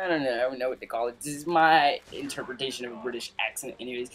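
A man's voice: mid-range voice, very fast, hardly any pauses, fairly bright tone, a little hiss or hum. A young man hosting a gaming channel, giving a casual, rambling update full of fillers and restarts.

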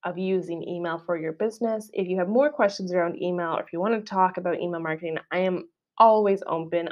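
A woman's voice: fairly low pitch, lo-fi sound. A woman hosting her own podcast, talking in a chatty, rambling, enthusiastic way. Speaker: podcast host. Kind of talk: casual solo podcast talk.

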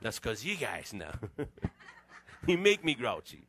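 A middle-aged man, preaching a conversational sermon as a pastor with animated, joking asides to his congregation. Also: medium pitch, a little slow, vocal fry. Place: church sanctuary.

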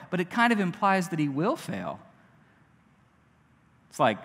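A man preaches a casual, conversational sermon, slipping into quick acted-out lines. His fairly high, bright voice swings widely in pitch. It rings with the long reverb of a church hall. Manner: conversational, animated, acts out quotes. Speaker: pastor.

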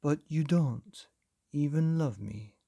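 A man reading a storybook aloud, voicing the sea as a quiet, wise presence. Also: on the high side, slow pace, vocal fry, slightly rough, dry recording, studio quality, heavily acted. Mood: calm. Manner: quiet, calm. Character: calm, wise, ancient sea.

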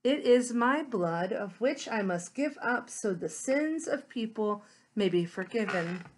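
A woman reading the quoted words of a gentle, sorrowful male teacher in a storybook, slow and quiet. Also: sits high, expressive.

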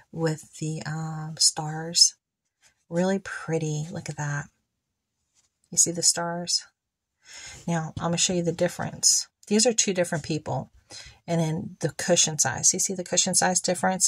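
A woman's voice: low voice, no room sound. A woman chatting casually as she unboxes and admires dollhouse miniatures, often asking viewers to look.

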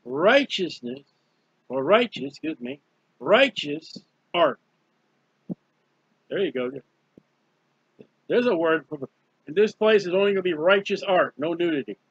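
A man's voice: on the high side, lively intonation, normal speed, breathy edge, dry recording. A man preaching a fervent, emphatic Bible study sermon, repeating key phrases. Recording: dull lo-fi dry recording.

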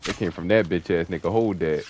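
A young man commentating his online gameplay, taunting and cursing at opponents in an excitable, profane way. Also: sits low, a little fast, background noise. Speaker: gamer streaming online play. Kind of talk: trash-talking gameplay commentary.

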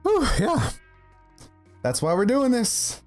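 His voice is very high here, with huge pitch swings, and he takes his time while chatting casually before the tabletop game. Describing his setup, he rambles, laughs a lot, and restarts, over voice-chat audio with faint music.

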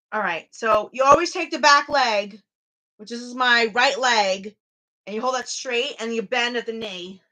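Speaking a little slowly in a sharp tone on the high side, a woman streams her home workout and chats casually to viewers. Rambling and restarting her sentences, she talks to the live chat from a small room at home, and the camera or phone audio is poor.

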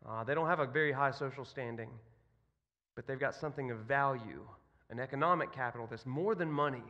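A man preaching a sermon as pastor, animated and building to emphatic lists. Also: a little high. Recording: dull sound in a long-echo hall.

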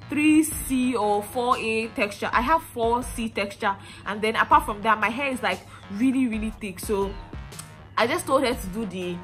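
A woman's voice: fairly high pitch, a bit bright. A young woman from Nigeria with a Nigerian accent, chatting casually to camera in a hair vlog, rambling with many fillers and restarts. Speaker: hair vlogger.

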